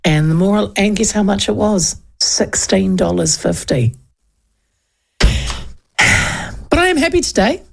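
Animated New Zealand woman telling a story. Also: medium pitch, unhurried, vocal fry, pauses often. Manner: animated, chatty, acts out voices in her stories. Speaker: radio host. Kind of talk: casual storytelling chat.

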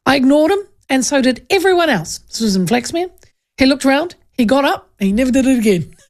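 A woman's voice: high voice, a little fast. A woman radio host with a New Zealand accent, chatting and telling funny family stories, acting out the voices. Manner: animated storyteller, acts out voices. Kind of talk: casual chat and anecdote.

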